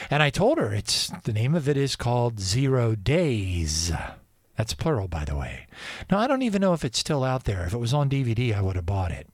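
A man's voice: medium pitch, very animated, a little fast, dry recording. Guy rambling on his radio show, jumps from one thing to the next, dry close sound. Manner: rambling and digressive. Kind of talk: casual monologue.

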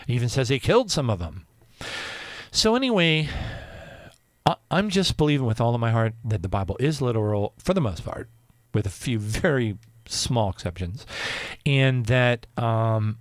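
A man from Pennsylvania giving an informal Bible teaching, animated and full of stumbling restarts. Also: mid-range voice, no echo, clean studio sound.

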